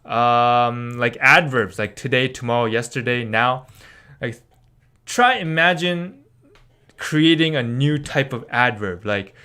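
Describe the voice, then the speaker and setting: A man's voice: medium pitch, slow pace, sharp tone, clear, resonant tone. Young man, casual live-stream lesson, chatty, filler-heavy, rambling. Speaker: language teacher streaming a lesson.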